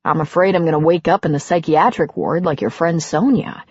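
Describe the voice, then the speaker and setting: A woman reading an audiobook and voicing a gentle, self-deprecating older man who speaks softly. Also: low-pitched, fairly quick, husky, no room sound, lo-fi sound. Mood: wondering, gentle. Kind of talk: audiobook character voice.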